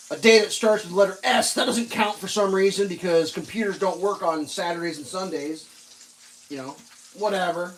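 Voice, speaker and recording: Sarcastic, high-voiced man ranting. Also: distant mic, slight background noise, rough recording. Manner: sarcastic, exasperated. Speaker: cooking vlogger. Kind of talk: casual ranting story while cooking. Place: home kitchen.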